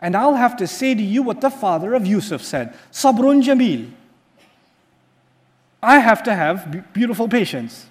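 A man giving a sermon, telling a story with animated questions to his listeners and quickly reciting Arabic verses. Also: sits high. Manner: animated storytelling, asks the audience questions then answers them. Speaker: preacher.

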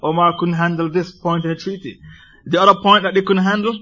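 A man preaching a sermon to a congregation in an animated way, firing rhetorical questions at his listeners. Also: a little high, fairly quick, dull audio.

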